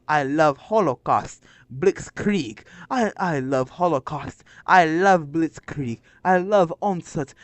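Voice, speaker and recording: A man's voice: a little high, dry recording, exaggerated voice. A man reading a fanatical war-loving commander.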